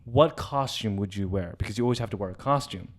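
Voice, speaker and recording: A young man casually telling a story on a podcast, animated and swearing freely, jumping up in pitch when excited. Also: fast. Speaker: podcast co-host.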